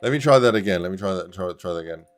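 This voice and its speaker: A man streaming his game development live, chatting casually and getting excited, laughing often and swearing now and then. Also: deep voice, rapid-fire, faint music behind.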